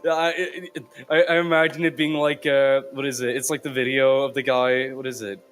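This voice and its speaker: A man's voice: medium pitch, little pitch movement, fairly quick, a bit bright, soft background music. A young man hosting a casual podcast over a voice call, rambling through crude, giggly stories with lots of restarts. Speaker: podcast host. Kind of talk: casual chat.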